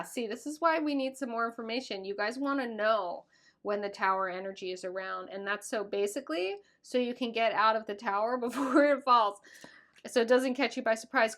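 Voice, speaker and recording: A woman's voice: a little high, a bit bright. A woman in her thirties giving a casual tarot reading to camera, talking in an affectionate, gushing way. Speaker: tarot reader.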